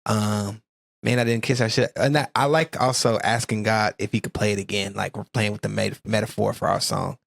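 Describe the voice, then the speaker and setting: A man's voice: fairly low pitch, steady tone, a little fast, gravelly, fairly bright tone, no echo. A man with a Southern US accent, co-hosting a casual music reaction chat with easygoing, drawling asides. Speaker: reaction video co-host.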